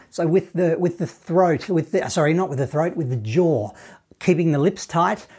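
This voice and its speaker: A man teaching a saxophone lesson, walking through the notes in a relaxed, encouraging way and scatting the phrases. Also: on the high side, moderate pace, slightly rough. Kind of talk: online music lesson.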